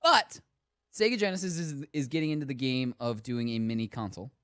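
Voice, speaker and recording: A man's voice: mid-range voice, a little fast, clear, resonant tone, no room sound, studio quality. A man from Northern Virginia hosting a pop culture podcast, chatting casually and telling stories. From Northern Virginia, USA. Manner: animated, storytelling. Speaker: host.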